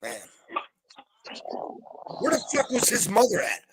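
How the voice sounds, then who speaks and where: Gravelly, cursing man ranting on a call. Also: high voice, a little slow, background noise. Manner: heavy cursing, swings between calm and yelling. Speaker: panel guest. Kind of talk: profane venting rant. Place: home, live video call. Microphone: video call mic.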